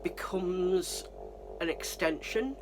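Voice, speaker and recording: A woman's voice: on the low side, expressive, takes it slowly, over music. A woman with a British accent, chatting and telling stories to camera in a rambling, self-deprecating way. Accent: British English. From Britain. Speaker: vlogger. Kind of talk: casual storytelling to camera.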